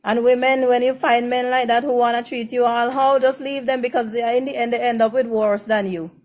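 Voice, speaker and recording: Blunt, high-voiced woman giving advice. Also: flat delivery, a little mellow. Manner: blunt and frank, many restarts and repeated words; greets viewers by name in a slow sing-song. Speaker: host of a relationship advice show. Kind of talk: casual advice monologue.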